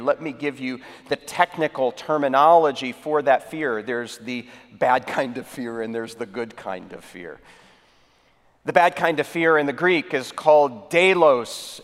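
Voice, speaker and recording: Male pastor, conversational storyteller, slightly high voice, long church reverb. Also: fairly bright tone. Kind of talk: sermon.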